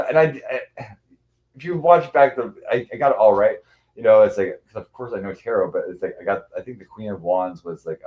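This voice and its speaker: Male streamer, fairly low pitch, loose rambling chat, stops often to coo at his cats. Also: muffled recording. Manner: rambling, many restarts, coos at his cats. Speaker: livestreamer. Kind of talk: casual rambling livestream chat.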